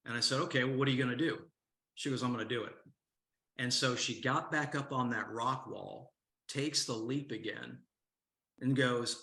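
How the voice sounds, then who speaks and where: Man coaching with a bright voice. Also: mid-range voice, moderate pace, creaky, reverberant. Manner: storytelling, asks the audience questions. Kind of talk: motivational talk to a men's group.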